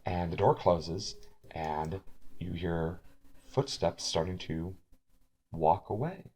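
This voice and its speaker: A man's voice: sits low, slow pace, darkish tone, breathy edge. A man narrating as game master, rambling with frequent restarts. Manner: rambling, many restarts and fillers.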